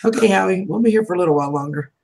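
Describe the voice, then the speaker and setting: Chatty woman with a husky voice. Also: lowish voice, rapid-fire, a little mellow, poor audio. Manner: chatty, laughs often. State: voice tiring. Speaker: livestream host. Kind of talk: casual chat.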